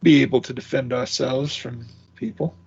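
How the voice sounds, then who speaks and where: A man's voice: medium pitch, moderate pace, gravelly, a little mellow, husky, lo-fi sound. A man playing in a tabletop game, chatting casually and trailing off mid-sentence. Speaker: player. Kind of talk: casual chat in character and out.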